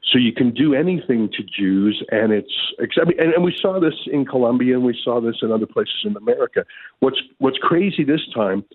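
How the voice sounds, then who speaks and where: Stammery worked-up guy in his 50s, husky voice, sounds like a phone line. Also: medium pitch, animated, fairly quick. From Canada. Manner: agitated, repeats words and restarts. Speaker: guest. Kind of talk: remote interview.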